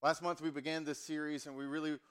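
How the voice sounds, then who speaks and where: A man's voice: on the high side, level tone, fast talker, a bit bright, clean tone. A man in his forties, from the American South, preaching a sermon as a pastor in a casual, joking way with many fillers. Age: 40s.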